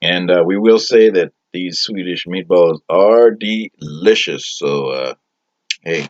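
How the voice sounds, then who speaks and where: A man's voice: low-pitched, slow. A man hosting a comic food review in a tough-guy persona, hesitant and rambling with a repeated "yo". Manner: hesitant, rambling, lots of fillers, "yo" catchphrase. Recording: dull lo-fi audio, faint hiss.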